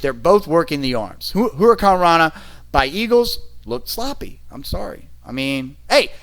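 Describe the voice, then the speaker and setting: A man's voice: sits high, fairly bright tone. A man reviewing wrestling matches in a casual, rambling way, with many restarts and chuckles.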